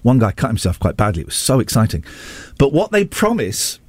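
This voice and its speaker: A man's voice: medium pitch, huge pitch swings, fairly quick, no echo. A man hosting a radio show in casual banter, playful and self-mocking. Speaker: radio host. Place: radio studio.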